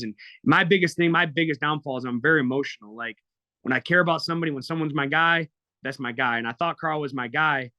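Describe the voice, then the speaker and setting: A man's voice: mid-range voice, fast, bright, forceful tone, dry recording, highs cut off. A man in his thirties, a fighter as podcast guest, talking bluntly and emotionally with lots of swearing. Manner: blunt, profane, emotional storytelling. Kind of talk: candid podcast interview.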